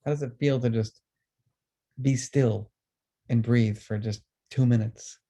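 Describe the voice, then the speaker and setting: Dark, gravelly-voiced man leading a webinar. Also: medium pitch. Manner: calm, slow guided breathing cues. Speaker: webinar presenter. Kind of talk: webinar talk leading a breathing exercise.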